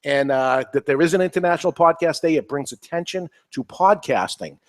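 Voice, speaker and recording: A man's voice: on the high side, brisk. Emphatic rambling New England man. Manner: rambling, emphatic, repeats himself. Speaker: cigar podcast host. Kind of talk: casual panel chat.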